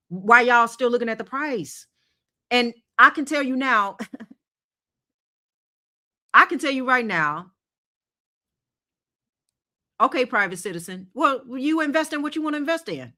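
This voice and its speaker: Bright-voiced woman livestream host. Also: fairly high pitch. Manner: emphatic, rhetorical questions, repeats herself. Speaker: host of a crypto investing livestream. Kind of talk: live stream talk reading chat comments.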